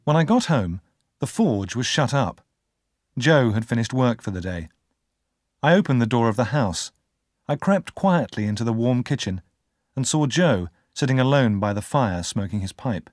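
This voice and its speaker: A man narrating a storybook in a measured, clear reading. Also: medium pitch, animated, darkish tone, no room sound, clean studio sound. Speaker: audiobook narrator.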